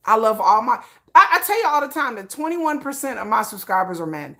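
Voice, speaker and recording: A woman hosting a casual livestream, talking in an animated, dramatic way that swings between high exclamations and low mutters. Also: a little fast. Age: adult parent. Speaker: YouTube channel host.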